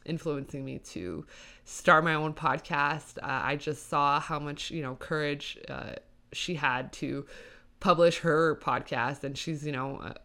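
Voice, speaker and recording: A woman's voice: deep voice, steady tone, a little slow, vocal fry, sharp tone. A young woman hosting her own podcast, rambling through a solo monologue with many fillers, tired but upbeat. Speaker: podcast host.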